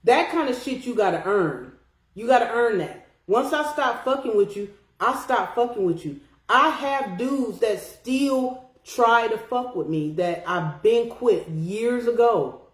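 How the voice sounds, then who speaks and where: A young adult woman hosting a podcast, chatting casually and reading comments from a live chat in a blunt, profane, animated way. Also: fairly high pitch, unhurried, echoey room.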